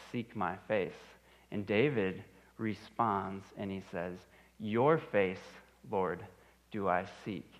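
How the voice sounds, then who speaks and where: Pastor, male, thirties, earnest sermon delivery, repeats lines, somewhat low, dull recording. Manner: earnest, repeats phrases for emphasis.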